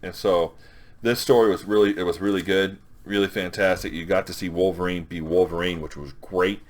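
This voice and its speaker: Deep-voiced man rambling through a comic review. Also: steady tone. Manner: rambling, with restarts and quick quoted dialogue. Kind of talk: casual spoken review.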